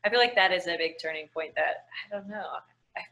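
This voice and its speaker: A woman's voice: lowish voice, fast talker, pushed and bright. A female actress being interviewed, hesitant and searching for her words. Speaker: actress guest. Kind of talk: casual interview.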